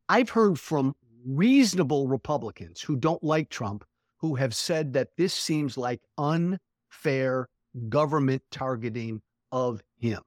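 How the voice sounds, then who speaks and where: Man, mid-pitched voice, blunt, swears freely, laughs a lot, dry sound. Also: no echo. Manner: blunt, profane, laughs often. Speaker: political commentator guest. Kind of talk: casual political chat.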